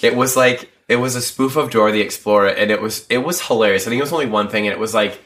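A man's voice: lowish voice, fast talker, a bit bright. A man co-hosting a casual chat podcast, telling stories and acting out quotes. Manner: chatty storyteller, acts out quotes. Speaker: podcast co-host.

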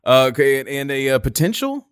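A man's voice: medium pitch, big pitch swings, fairly quick, clean tone, dry recording, studio quality. A man co-hosting a podcast in a casual, teasing way, joking and rambling with frequent restarts. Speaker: podcast co-host.

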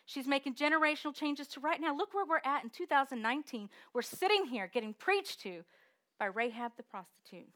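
A woman preaching a sermon with energetic call-and-response exhortation. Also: sits high, a little fast.

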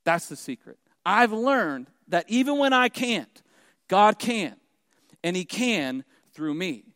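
Male pastor, high voice, emphatic sermon delivery with repeated refrains; dry close sound with long reverb tail. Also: a bit bright.

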